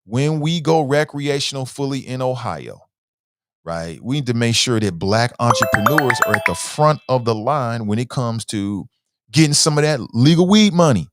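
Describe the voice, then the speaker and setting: A man's voice: medium pitch, expressive, moderate pace, fairly bright tone, faint music behind. A man hosting a talk show in a casual livestream commentary style, reading viewer comments aloud and often starting with "uh", then stressing words as he argues his points.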